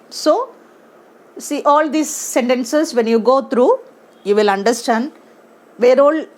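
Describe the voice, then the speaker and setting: A woman's voice: high voice, a little hiss or hum. A woman teaching grammar to her class, speaking, stressing words and asking the class questions. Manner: slow, emphatic, asks the class questions. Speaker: English teacher.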